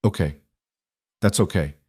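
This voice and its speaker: A man voicing a patient single father, talking gently but firmly in a story reading. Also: deep voice, a little slow, husky, no room sound, clean studio sound. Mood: reassuring. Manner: gentle, reassuring.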